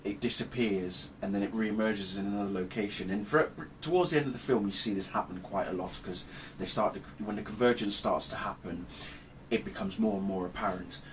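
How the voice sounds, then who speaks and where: A man recapping a film's plot in a casual review, rambling and halting with many ums and restarts. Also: on the low side, a little hiss or hum. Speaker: movie reviewer. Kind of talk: casual spoken film review.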